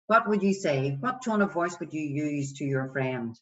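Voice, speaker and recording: A woman's voice: deep voice, lively intonation, moderate pace, hardly any pauses. A woman wellbeing coach guiding listeners through a self-compassion exercise, asking many questions and acting out example voices. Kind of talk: guided self-help exercise. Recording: distant, dull lo-fi sound.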